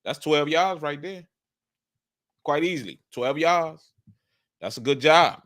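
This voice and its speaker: A man talks through football game film in a casual, coaching way, hammering each point by saying it again. His voice sits a little high, and he gets emphatic as he calls out plays. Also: slow. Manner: repetitive, emphatic, coaching tone, breaks into animated outbursts.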